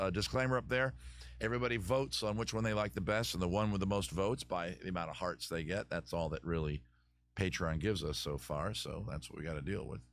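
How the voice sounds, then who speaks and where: A man's voice: mid-range voice, fairly bright tone, no echo. A man hosting a comedy advice show, rambling and digressing in casual self-mocking chat, his voice a bit worn out after weekend shows. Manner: digressive, self-mocking, drops into a put-on Southern lawyer voice. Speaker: comedy podcast host. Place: his home in a city.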